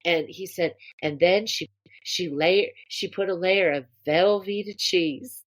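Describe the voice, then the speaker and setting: Low-voiced woman telling a story with gusto. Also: unhurried. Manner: animated storytelling, gushing. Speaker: podcast co-host. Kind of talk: casual chat.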